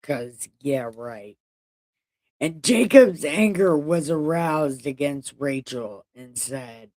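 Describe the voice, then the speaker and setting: A woman's voice: deep voice, lively intonation, takes it slowly, a little mellow, no room sound. A woman casually reading scripture aloud and breaking off for irreverent, profane asides. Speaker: Bible reading vlogger. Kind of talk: casual Bible reading with commentary.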